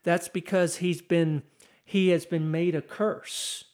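A man preaching a sermon, reading scripture slowly and dramatically with rising intensity. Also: fairly high pitch, steady tone, a little mellow.

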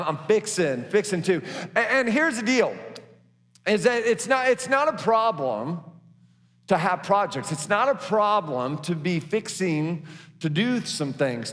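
A man's voice: on the high side, a bit bright, long reverb tail. A man preaching a sermon as pastor, folksy and stumbling over his words with many restarts, in a church.

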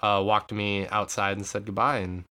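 A young man chatting casually on a podcast, telling stories in a lively way with frequent swearing and laughter. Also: fairly low pitch, moderate pace, smooth. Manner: animated storyteller, swearing, laughing often. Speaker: podcast co-host. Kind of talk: casual chat.

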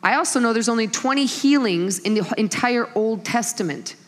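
Woman, middle-aged, preacher, animated storytelling, long hall reverb. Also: a little high, normal speed. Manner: animated storytelling with acted-out quotes. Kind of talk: sermon.

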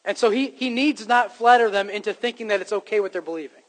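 A man's voice: high-pitched, fast talker, low-quality recording. A man preaching a sermon to his congregation, in a conversational style that rises to emphatic points. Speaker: pastor.

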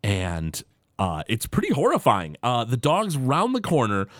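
Lively man recapping episodes, dry mic. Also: medium pitch, normal speed, no echo. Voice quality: animated, acts out quoted characters in shifting voices. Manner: filler-heavy, frequent "uh" restarts. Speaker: podcast co-host. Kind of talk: casual podcast recap.

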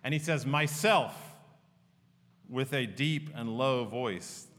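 A pastor preaches a sermon in church, earnest and conversational as he shares personal stories. His voice is medium-pitched, a little slow and fairly bright, with the long reverb of a large hall.

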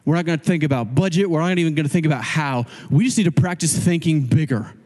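A male pastor preaching a sermon in a casual, animated way, acting out quoted voices as he goes. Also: a little high, fast talker, big-room sound.

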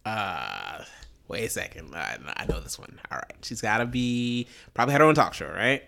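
A man's voice: fairly low pitch, moderate pace, gravelly. A man chatting casually as a podcast co-host, joking around and laughing often. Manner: lively, laughs often, jokey guesses. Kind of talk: casual chat.

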